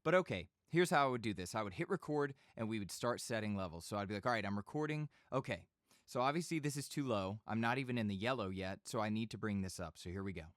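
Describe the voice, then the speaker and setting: A man giving a casual voice-over tutorial in a home studio, speaking in a relaxed conversational tone into a studio microphone. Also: fairly low pitch, fast, no echo. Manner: relaxed conversational teaching, occasional bursts of yelling demos. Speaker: voice-over instructor.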